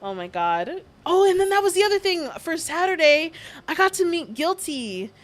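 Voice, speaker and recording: A woman's voice: very high voice, big pitch swings, normal speed. A young woman streamer chatting casually with her viewers, rambling and gushing as she tells a story, often giggling. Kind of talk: casual livestream chat.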